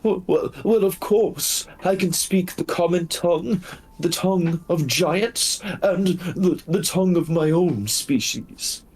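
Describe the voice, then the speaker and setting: A man's voice: sits high, takes it slowly, darkish tone, slightly rough, voice pushed up, full character voice. A man voicing a pitiful, sly male winter wolf who whimpers and pleads in an over-polite way. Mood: wheedling.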